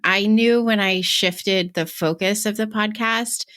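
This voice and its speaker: Woman, podcast host, upbeat, chatty, laughs along, quick follow-up questions. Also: mid-range voice, steady tone, a bit bright. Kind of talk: casual interview.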